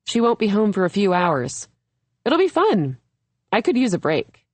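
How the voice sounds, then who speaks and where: A woman narrator voicing an eager, gushing young woman friend in an audiobook thriller, raising her voice higher and brighter. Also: sing-song, moderate pace, dry recording. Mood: giggly, excited.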